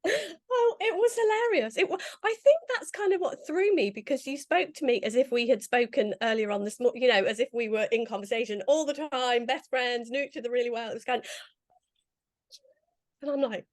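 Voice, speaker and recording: A woman's voice: a little high, a little fast, no room sound, clean studio sound. A woman from England, a podcast guest, retelling a funny meeting with lots of laughter. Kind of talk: casual conversation.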